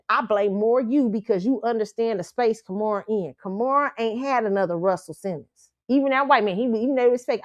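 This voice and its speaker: A woman's voice: a little high, no room sound, highs cut off. Blunt, profane woman hosting commentary. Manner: blunt, profane, scolding and animated. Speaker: host. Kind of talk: casual pop culture commentary. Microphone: streaming microphone.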